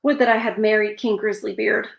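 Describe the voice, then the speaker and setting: A haughty, spiteful young princess from a storybook, scornful and whining, as a woman reads her lines aloud. The voice is mid-pitched and echoes around a roomy space. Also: little pitch movement, brisk, gravelly, close to an everyday voice.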